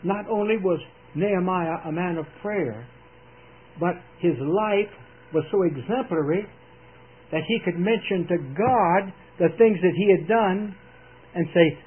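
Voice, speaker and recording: A man preaching a sermon in an earnest, emphatic way, with dramatic pauses, heard over a tinny old radio broadcast. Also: sits high, a little hiss or hum.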